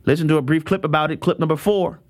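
A man hosting a talk show, giving opinionated commentary in an animated way, dropping his voice low for asides and laughing often. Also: fast talker.

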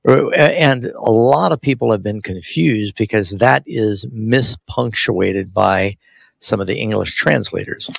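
A man's voice: on the low side, unhurried, vocal fry, slightly rough, dry recording. A man who is a pastor hosting a live Bible call-in radio show, explaining scripture and reading verses aloud with emphasis.

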